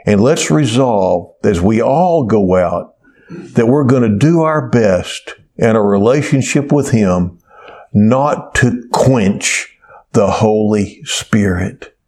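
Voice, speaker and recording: Slow, deliberate male preacher. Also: fairly low pitch, expressive, darkish tone. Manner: slow, deliberate storytelling with stretched-out words. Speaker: pastor. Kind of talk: sermon.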